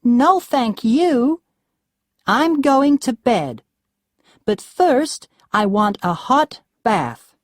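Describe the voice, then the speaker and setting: A woman voicing a spoiled, demanding rich wife in a slow storybook reading for learners. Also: sing-song, no echo, clean studio sound, heavily acted. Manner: shrill, whiny, demanding.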